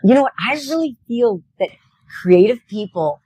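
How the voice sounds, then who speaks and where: A woman's voice: medium pitch, lively intonation, moderate pace, a crowd in the background, rough recording. A woman co-hosting a live local show at an outdoor street fair, chatting casually and laughing often.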